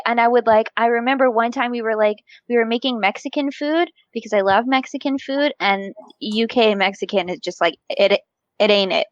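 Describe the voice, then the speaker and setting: A woman guest in a casual chat, talking fast and loose with lots of "like" and frequent laughter. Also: a little high, dry recording. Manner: chatty, laughs often, heavy use of "like". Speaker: podcast guest. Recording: slightly dull, dry sound.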